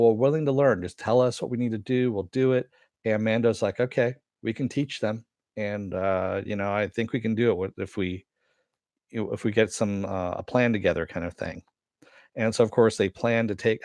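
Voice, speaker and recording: Low-voiced man rambling through a recap. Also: darkish tone, dry recording, clean studio sound. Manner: rambling, filler-heavy retelling with casual swearing. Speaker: reviewer. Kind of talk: casual episode recap.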